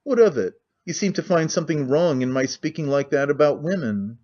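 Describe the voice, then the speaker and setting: Man voicing a cynical idle nobleman, middle-aged, rambling, confiding, fairly high voice, dull lo-fi sound. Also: expressive, a little fast, darkish tone. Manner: rambling, confiding, languid candor. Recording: muffled lo-fi audiobook recording.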